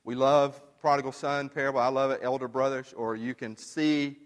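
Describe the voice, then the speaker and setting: A man's voice: mid-range voice, normal speed. Conversational male pastor in a reverberant sanctuary. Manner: conversational, storytelling, swings from animated to hushed. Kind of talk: sermon. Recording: long reverb of a large room.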